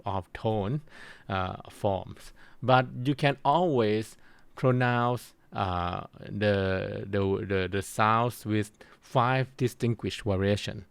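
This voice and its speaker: Male lecturer with gravelly voice. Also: on the low side, fairly bright tone, no room sound. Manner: halting, many restarts and fillers. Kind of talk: university lecture.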